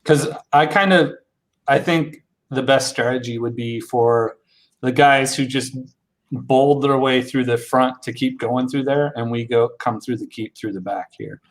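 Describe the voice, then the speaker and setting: A man playing a tabletop game in relaxed, joking banter. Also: medium pitch, unhurried. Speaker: player. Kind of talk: casual tabletop play.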